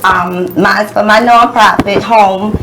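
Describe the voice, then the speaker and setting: Halting female radio co-host. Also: medium pitch, fairly even intonation, background noise. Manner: halting, full of fillers. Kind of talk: casual radio talk.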